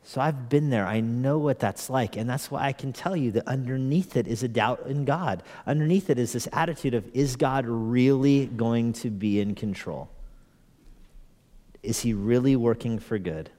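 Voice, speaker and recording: A man's voice: mid-range voice, moderate pace, warm tone. A man preaching a conversational sermon as pastor, earnestly asking the congregation rhetorical questions and repeating phrases for emphasis. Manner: repeats phrases for emphasis, chuckles now and then. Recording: long hall reverb in a church.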